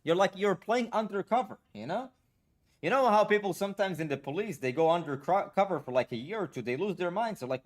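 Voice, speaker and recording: A man's voice: high voice, lively intonation, fairly quick. A man streaming a game, talking in a blunt, profane casual rant full of fillers. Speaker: gaming streamer. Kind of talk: casual ranting stream talk.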